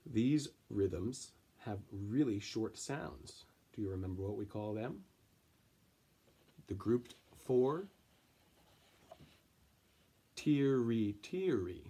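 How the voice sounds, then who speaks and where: A man's voice: on the low side, animated, drawn-out words, long pauses, dark tone, slightly rough. A man teaching an elementary music class, counting in and chanting rhythm syllables for the children to clap along.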